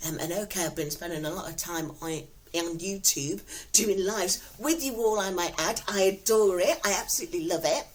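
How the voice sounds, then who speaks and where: A woman's voice: fairly low pitch, moderate pace, low-quality recording. A woman with a Nottingham accent, casually telling stories to her viewers in a giggly, rambling way from home. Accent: Nottingham English. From England. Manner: warm storytelling, giggly, repeats herself. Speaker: vlogger. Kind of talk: casual chatty vlog.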